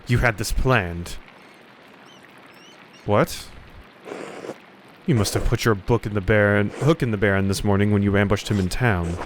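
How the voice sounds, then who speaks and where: A young man playing a game, reading its dialogue aloud and adding sarcastic commentary with sudden loud outbursts. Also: on the low side, steady tone, normal speed, pauses often, slight background noise. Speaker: let's play commentator.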